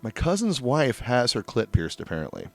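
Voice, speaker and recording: A middle-aged man telling a long, crude story in casual chat, swearing freely and getting animated. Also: mid-range voice, moderate pace, gravelly.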